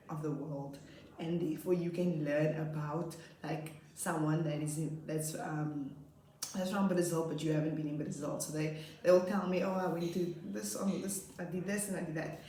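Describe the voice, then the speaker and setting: A young woman teacher casually telling funny stories about her class, laughing often and acting out her pupils. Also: slight background noise. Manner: animated, laughs often, acts out her pupils in high voices. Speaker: grade 2 teacher. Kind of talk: casual storytelling vlog. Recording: roomy echo, slightly far from mic.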